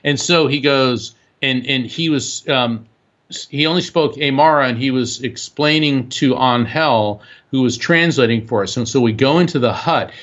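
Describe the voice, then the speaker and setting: A man being interviewed as a guest author, telling an animated anecdote that is full of fillers and restarts. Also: mid-range voice, normal speed, lo-fi sound. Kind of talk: storytelling interview.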